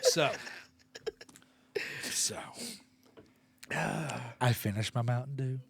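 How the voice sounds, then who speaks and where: A man's voice: mid-range voice, drawn-out words, creaky, breathy edge. A man co-hosting a comedy podcast, telling a rowdy story with laughter and acted-out quotes. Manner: animated, laughing storyteller who acts out quotes. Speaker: podcast co-host. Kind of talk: casual storytelling chat.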